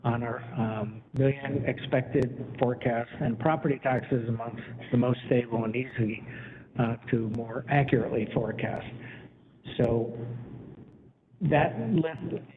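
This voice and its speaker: Man, council chair, halting delivery, tinny phone-like sound, faint hiss. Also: mid-range voice, fairly even intonation. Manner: halting, restarts sentences, polls members for votes. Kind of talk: public meeting discussion.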